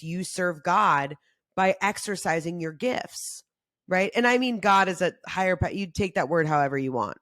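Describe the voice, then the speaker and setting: A young adult woman hosting a casual self-help talk, chatty and animated, acting out quotes with big jumps in her voice. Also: on the low side, dry recording, studio quality. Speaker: podcast host.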